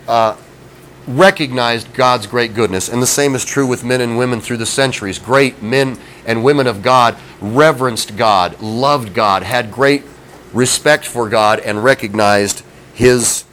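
A man's voice: medium pitch, a bit bright, low-quality recording. A middle-aged man preaching a sermon in a folksy, conversational way, often asking his listeners questions. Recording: faint background noise.

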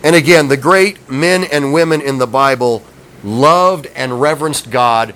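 Speaking a little slowly in a medium-pitched, slightly bright voice, this middle-aged man delivers a folksy, conversational sermon and frequently asks his listeners questions. The audio is poor, and there is faint background noise.

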